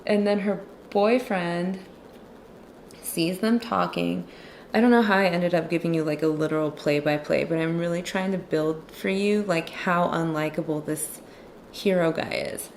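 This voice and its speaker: A woman's voice: fairly low pitch, steady tone, normal speed, slight background noise. A woman chatting casually and sarcastically about a movie while she draws, with lots of "like". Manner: sarcastic, chatty, heavy use of "like". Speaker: illustrator and movie commentator. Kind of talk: casual chat while drawing.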